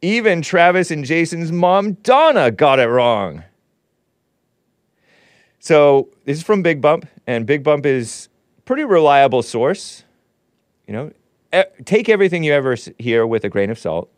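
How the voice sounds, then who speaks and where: Slow, sardonic man hosting a stream. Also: fairly high pitch, sing-song, no room sound, clean studio sound. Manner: rambling, sardonic, chuckling asides. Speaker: livestream show host. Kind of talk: casual commentary. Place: home studio.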